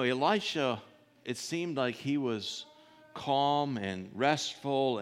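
A man preaching a sermon, reading scripture and then expounding it, with rhetorical questions and soft asides. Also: medium pitch, clean tone, long reverb tail.

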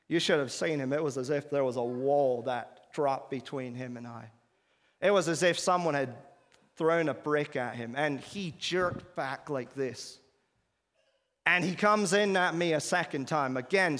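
A man's voice: on the high side, measured pace, a bit bright, long reverb tail. A man telling an earnest testimony as a sermon, with emphatic spoken prayers. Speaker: preacher giving testimony.

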